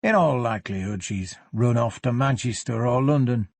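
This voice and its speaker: A man voicing a gruff older police superintendent with a Yorkshire accent, blunt and unhurried, in an audiobook. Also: mid-range voice, darkish tone, dry recording. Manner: blunt, unhurried, plain-spoken.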